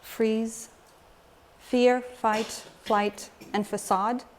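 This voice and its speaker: A woman's voice: on the high side, level tone, drawn-out words, a little hiss or hum. A woman emotional health coach giving a lecture to a live group, engaging the audience with frequent questions.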